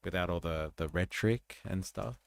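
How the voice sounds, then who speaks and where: A man's voice: low-pitched, moderate pace, creaky, no room sound. A man hosting a livestream, reacting bluntly to a news clip and swearing freely. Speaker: livestream host. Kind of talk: casual commentary reacting to a clip.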